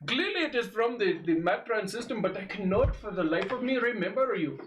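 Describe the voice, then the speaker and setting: A man's voice: high-pitched, animated, fairly quick, reverberant, recorded from a distance, rough recording. A man running a tabletop role-play, speaking formally in character with many stalling fillers. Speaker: game master voicing a character.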